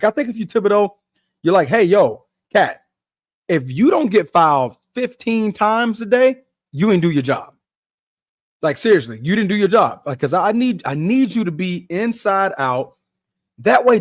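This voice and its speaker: A young man hosts a live basketball watch-along podcast, reacting casually to the game in slang and laughing often. His voice sits high, and the recording is dry and studio quality.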